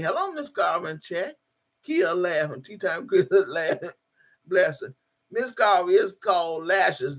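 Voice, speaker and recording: A woman hosting a casual livestream, reading chat aloud and talking back in a loud, profane, boastful way, laughing often. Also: on the low side, slightly rough.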